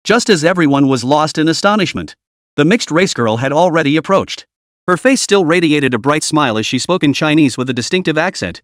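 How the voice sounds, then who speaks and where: Lively male narrator, dry close sound. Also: on the high side, fairly quick, dry recording. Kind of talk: scripted recap narration.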